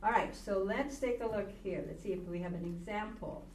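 A woman's voice: mid-range voice, a little fast, darkish tone, slight background noise. A woman teaching a Hebrew grammar lesson to a class, patiently repeating words and prompting students to read along. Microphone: recorded from a distance. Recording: echoey room, distant mic, faint ambience.

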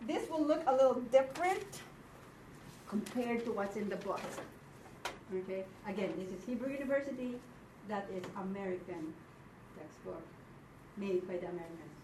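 A woman teaching a Hebrew class in a classroom, slow and patient, often checking that her students follow. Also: medium pitch. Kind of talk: classroom lecture. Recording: echoey room from far off, faint noise.

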